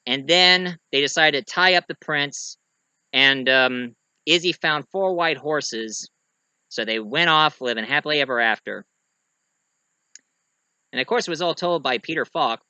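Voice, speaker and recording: A man talks through a film review in a loose, rambling way, often backing up and restarting his sentences. His voice is bright and sharp, a bit higher than most men's, and the recording is dry and close with no room echo. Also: a little slow, long pauses, smooth. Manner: rambling, full of fillers and restarts, acts out quotes. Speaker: movie reviewer. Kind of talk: casual spoken movie review.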